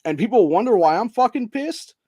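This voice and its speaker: A man's voice: high-pitched, animated, fairly quick, mellow, slightly rough, no echo, clean studio sound. A man hosting his own channel, delivering a heated, profanity-laced political rant and calling everyone dude. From Ohio. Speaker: host.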